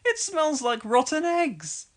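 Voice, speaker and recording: An excited young boy from a children's storybook, as a woman puts him on. He calls out in a high, animated voice. It is a read-along voice. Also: takes it slowly, full character voice.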